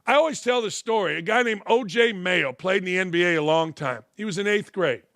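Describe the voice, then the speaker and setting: A man's voice: high voice, animated, brisk, gravelly, a bit bright, no room sound, studio quality. A man, hosting a sports talk show in a blunt, sarcastic, heated monologue. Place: studio.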